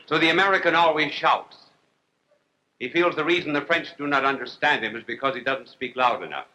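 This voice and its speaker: A man speaks as a priest giving a lecture to a television audience. His voice is sharp and bright, and his delivery is wry and unhurried. He spaces his phrases out and drops his jokes with a straight face. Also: fairly high pitch, slight background noise, rough recording. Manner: wry, deliberate, with long pauses and dry jokes. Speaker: priest and TV host.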